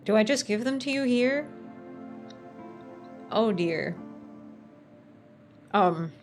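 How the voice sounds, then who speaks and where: Playful young woman streamer, bright voice. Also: on the high side, slow pace, soft background music. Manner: playful, giggly, expressive, swears casually. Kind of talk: casual game commentary.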